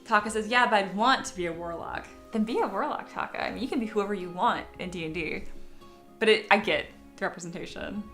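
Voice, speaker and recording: A woman's voice: medium pitch, brisk, a bit bright, echoey room, soft background music. A woman sculpting on a live stream, chatting casually with her viewers and reading their comments aloud, often poking fun at herself. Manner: chatty, self-deprecating, reads chat aloud.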